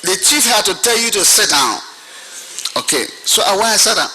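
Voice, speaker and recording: A man in his seventies with a Liberian accent, giving testimony to a commission as a lively storyteller who acts out what people said. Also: high-pitched, normal speed, slight background noise, low-quality recording. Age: 70s. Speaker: commission witness.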